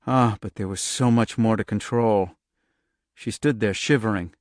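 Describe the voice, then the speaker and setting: A man reading an audiobook, narrating with steady, tense storytelling. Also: fairly low pitch, a little slow, no room sound, studio quality.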